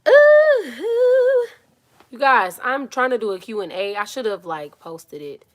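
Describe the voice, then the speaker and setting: A woman hosting a casual live Q&A stream from a phone in a small home closet. She is chatty and animated, greets viewers by name and drops into soft muttered asides. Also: mid-range voice, moderate pace.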